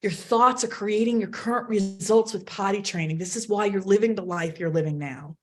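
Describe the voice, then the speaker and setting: A woman's voice: medium pitch, moderate pace. A woman coaching parents in a live online workshop, talking bluntly and emphatically and swearing freely. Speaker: autism potty training coach.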